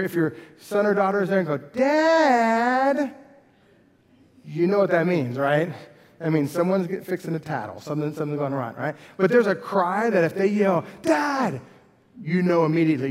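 A man's voice: on the high side, fast, a little mellow, in a large hall. A man preaching a sermon as pastor, earnest, rising and dropping his voice for emphasis. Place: church sanctuary.

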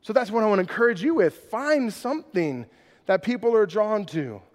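High-voiced man preaching in a hall. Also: lively intonation, normal speed. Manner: conversational, often asks "right?". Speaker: pastor. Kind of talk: sermon. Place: church hall.

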